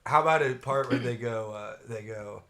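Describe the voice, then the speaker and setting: A man's voice: medium pitch, normal speed, fairly bright tone. A man co-hosting a live movie stream as a comedian, riffing absurd jokes in a dry way. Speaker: comedian co-host. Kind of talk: casual chat.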